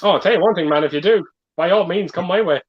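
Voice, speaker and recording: A man's voice: high voice, fast, slightly rough, no echo. Irish male guest, agreeable, lots of yeahs, muffled dry remote audio. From Ireland. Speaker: guest on a livestream.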